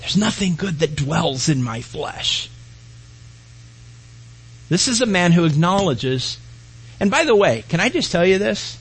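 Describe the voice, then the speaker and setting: A man preaches a sermon with a husky, breathy edge. His voice sits high for a man. He swings between raised, emphatic lines and soft, hushed ones. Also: big pitch swings, a little slow, pauses often, rough recording. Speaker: pastor.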